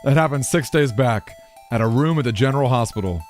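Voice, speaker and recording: A man voicing a gruff, eager male police detective with brash, folksy tough-guy talk, over game music. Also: mid-range voice, animated, fairly quick, lightly acted.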